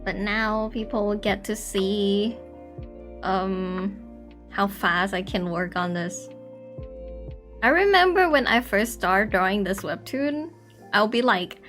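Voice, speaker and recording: A woman's voice: medium pitch, animated, takes it slowly, fairly bright tone, soft background music. A young woman chatting casually on a drawing stream, rambling and self-conscious, laughing often. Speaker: artist streamer.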